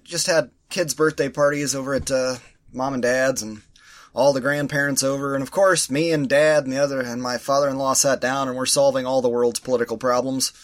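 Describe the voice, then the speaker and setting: A man co-hosting a podcast rants sarcastically in casual chat, mimicking the people who annoyed him with animated quotes. His voice is mid-range and fairly quick.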